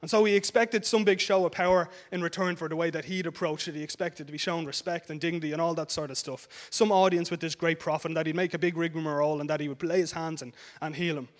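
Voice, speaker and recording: A man preaching to a congregation in a loose, conversational sermon. His voice sits high for a man. He checks in with his listeners and often restarts his sentences as he talks. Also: steady tone, quick pace, hardly any pauses. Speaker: pastor.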